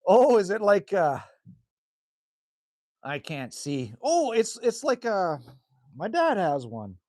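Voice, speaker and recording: A man on a live stream, talking outdoors in the cold and answering his viewers' comments as they come in. His voice sits a little high and swings up and down a lot, and the sound is close and dry. He rambles easily and corrects himself as he goes. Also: huge pitch swings, takes it slowly, a little mellow, dry recording. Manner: chatty, reads viewer comments aloud and answers them; laid-back, rambling with self-corrections. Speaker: live streamer reading chat. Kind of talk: casual live-stream chat.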